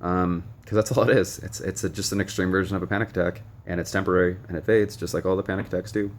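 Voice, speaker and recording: A man's voice: sits low, steady tone, quick pace, a little hiss or hum. A young man vlogging recovery advice in a frank, rambling way with many ums and some blunt swearing. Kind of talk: casual direct-to-camera monologue. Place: noisy room with stray tapping and beeping.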